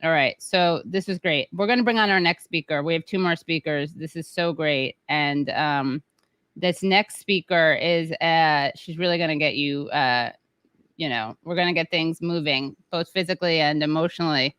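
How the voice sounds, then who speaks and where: A woman hosts a livestream over a video call. Her voice sits a little low, and the sound is dry and close. She is chatty and self-deprecating, with quick asides. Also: a bit bright, clean tone, dry recording. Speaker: host. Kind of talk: livestream hosting chat.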